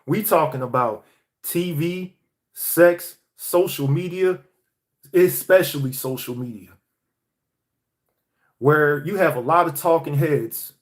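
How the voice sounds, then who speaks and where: Young man, fairly high voice, preachy and profane motivational vlog rant. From Atlanta, US. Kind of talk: motivational monologue.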